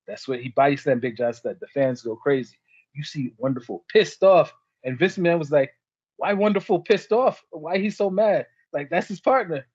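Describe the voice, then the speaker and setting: Co-hosting a podcast, a man with a fairly high pitch shares stories in casual conversation, animatedly acting out what people said. The sound is lo-fi, without echo.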